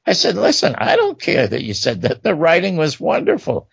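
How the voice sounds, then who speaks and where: Older male storyteller, gravelly and expressive, dry slightly dull audio. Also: a little high, moderate pace, no echo. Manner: animated anecdotes, quotes voices of others. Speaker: talk show host recounting career. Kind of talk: storytelling interview.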